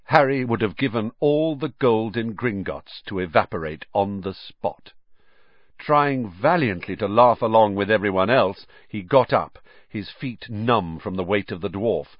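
Animated male audiobook narrator. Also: on the low side, dry recording, highs cut off. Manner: expressive, animated reading. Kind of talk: scripted narration.

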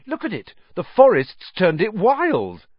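A man's voice: slow pace, no room sound, dull audio, exaggerated voice. A man doing Ron, a panicky teenage boy. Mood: overjoyed. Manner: high, frightened, excitable.

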